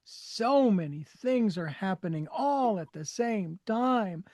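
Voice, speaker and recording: A man's voice: high-pitched, lively intonation, slow, a little mellow, no room sound. A male radio host interviewing a guest, speaking candidly and laughing at himself. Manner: candid, self-deprecating, laughs easily. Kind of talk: interview conversation.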